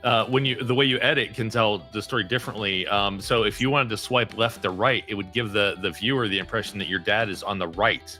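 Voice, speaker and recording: Male guest, low voice with a bright edge, chatty and quick to joke, faint music behind. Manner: chatty, joking, self-interrupting. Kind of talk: casual chat.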